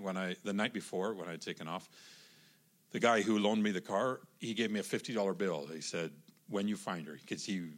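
A man telling a personal story in a casual, animated way, with lots of restarts and acted-out quotes. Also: low voice. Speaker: guest telling his love story.

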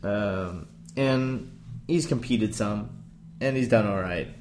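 A man's voice: fairly low pitch, takes it slowly, a little mellow, a little hiss or hum. A man in casual conversation, recounting a documentary in a rambling way and swearing casually.

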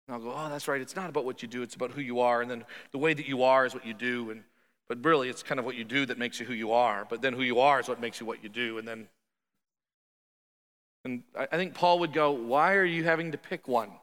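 Animated pastor preaching in a hall. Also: male voice, medium pitch, fast talker. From Canada. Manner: conversational, animated, shifts into quoted voices. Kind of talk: sermon.

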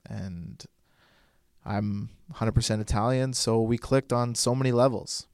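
A man affectionately recalling a former coworker and roommate, in steady storytelling. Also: mid-range voice, unhurried, clean tone, dry recording, clean studio sound. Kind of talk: heartfelt remembrance.

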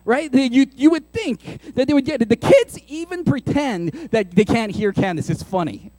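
High-voiced man preaching animatedly. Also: normal speed. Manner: animated, conversational preaching with playful asides. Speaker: pastor. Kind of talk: sermon.

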